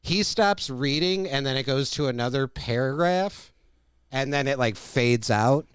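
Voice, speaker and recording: A man's voice: medium pitch, expressive, unhurried, smooth, dry recording, studio quality. A man co-hosting a podcast, recapping an episode's plot and quoting its lines. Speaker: podcast co-host.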